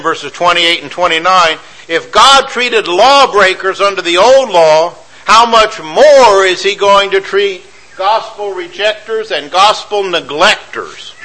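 A male preacher delivering a sermon in a bright, forceful voice pitched a little high. He drives his points home by repeating phrases and firing off rhetorical questions. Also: rough recording.

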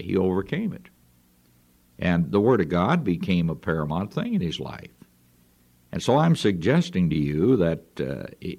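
A man's voice: low-pitched, gravelly, a little mellow, breathy edge. A man preaching a radio sermon in an earnest, folksy way.

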